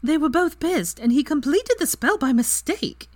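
A woman's voice: on the high side, very animated, brisk, darkish tone, pitched above the performer's own voice. A woman reading aloud and voicing a cheeky, teasing young witch.

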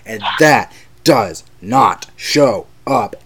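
A man's voice: mid-range voice, lively intonation, very slow, fairly bright tone, slight background noise. A young man in a casual podcast chat who laughs often and argues back with mock indignation. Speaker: podcast co-host.

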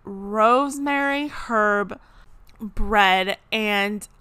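Bright, chatty young woman storyteller. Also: mid-range voice, drawn-out words, smooth, dry recording. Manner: chatty, laughing, dramatic. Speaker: vlogger. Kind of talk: casual storytelling.

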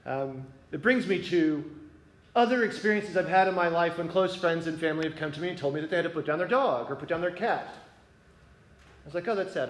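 A man whose voice is on the high side and fairly bright shares a sincere personal story with a gathering. He talks conversationally, often asking whether his listeners follow, in an echoey room with faint ambience.

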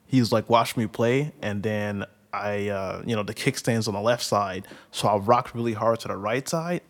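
A man in his twenties from Illinois rambles through a casual personal anecdote, with plenty of fillers and laughter. His voice is fairly low and his pace normal.

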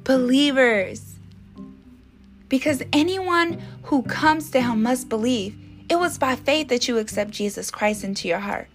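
A woman's voice: high-pitched, unhurried, faint music behind. A woman hosting a faith podcast, encouraging listeners in casual, slangy speech, then praying with fervent, repeated appeals. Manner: fervent, repetitive prayer cadence. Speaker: podcast host. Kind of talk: faith podcast devotional and prayer.

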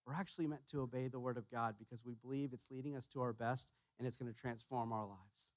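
Male pastor, sermon, mid-pitched, emphatic, repeats key phrases, dry close sound. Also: steady tone, fast, no echo. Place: church sanctuary.

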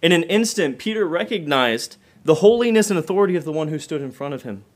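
Impassioned preacher man, higher voice. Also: animated, fast talker. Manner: dynamic delivery, swelling loud then dropping low and soft; asks the listeners direct questions. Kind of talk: sermon.

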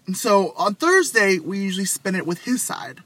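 A young man telling stories in casual chat, animated, with loud acted quotes. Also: sits high, moderate pace, husky. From Vietnamese family background.

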